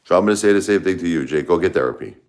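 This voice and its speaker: A man's voice: low voice, lively intonation, rapid-fire, a little mellow, slight background noise. A middle-aged man hosting a live stream, giving blunt, repetitive advice to a caller, close to tears. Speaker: livestream host.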